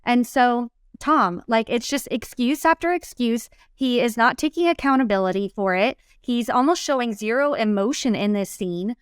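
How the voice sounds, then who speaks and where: Woman with a smooth, clear voice. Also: on the high side, moderate pace, few pauses, no room sound, studio quality. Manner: conversational, emphatic, talks with plenty of likes. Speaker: recap co-host. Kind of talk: casual recap chat.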